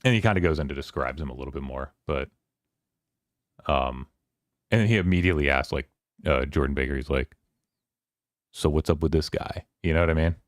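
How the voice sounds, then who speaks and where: A man's voice: very deep voice, a little fast, pauses often, dry recording, studio quality. A man hosting a casual book club discussion on a stream, rambling and paraphrasing scenes from the story.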